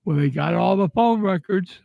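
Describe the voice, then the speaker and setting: A man's voice: high-pitched, normal speed, vocal fry, no room sound, highs cut off. An older man telling a personal story in a casual, angry and blunt way, swearing freely. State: upset. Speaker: vlogger telling personal stories.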